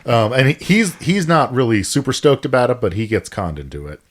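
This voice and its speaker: A man co-hosting a podcast, giving loose, relaxed plot summaries and laughing often. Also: medium pitch, a little fast. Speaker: podcast co-host. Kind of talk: casual movie recap chat.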